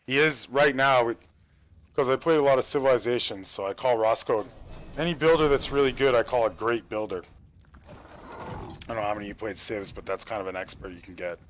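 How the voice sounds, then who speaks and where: A man's voice: medium pitch, a little hiss or hum. A young man from Canada chatting casually while streaming a game as server admin, rambling with filler and casual swearing. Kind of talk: casual gameplay stream chat.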